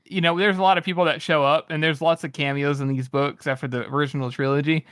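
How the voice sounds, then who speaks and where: A man co-hosting a book podcast, talking in a relaxed, chatty way. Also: a little high, quick pace, clear, resonant tone, no room sound, clean studio sound. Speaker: podcast co-host. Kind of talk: casual book discussion.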